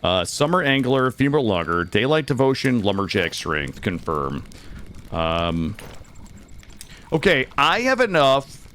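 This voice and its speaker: American man streaming games, lively voice. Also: mid-range voice, measured pace. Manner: rambling, restarts sentences, talks to chat. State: has a cold. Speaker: game streamer. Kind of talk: casual gaming stream chat.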